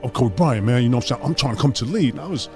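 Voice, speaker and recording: A man, a former basketball player, telling stories in casual chat, animated and acting out the voices of others with profane slang. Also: mid-range voice, rapid-fire, faint music behind. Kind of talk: casual storytelling on a podcast.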